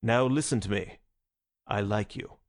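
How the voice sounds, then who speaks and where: A man doing a slow, mocking, commanding president. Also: on the low side, natural voice.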